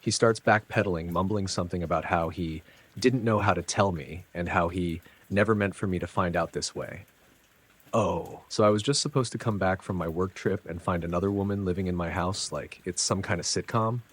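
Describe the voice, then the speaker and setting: Low husky guy reading a story out loud, dramatic and chatty. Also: fairly even intonation, a little fast. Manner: dramatic, conversational storytelling with casual asides. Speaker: narrator. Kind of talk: first-person story reading.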